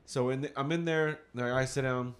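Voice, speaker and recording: A man's voice: medium pitch, fairly even intonation, moderate pace. Rambling man telling a casual story. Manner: rambling, acts out his own past thoughts with lots of "I was like"; swears casually. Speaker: father.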